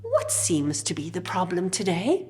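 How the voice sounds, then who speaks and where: A wise king from a children's Bible story, calm and measured as he hears a dispute, voiced by a woman storyteller. He speaks in an even, unhurried way. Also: lowish voice, big-room sound.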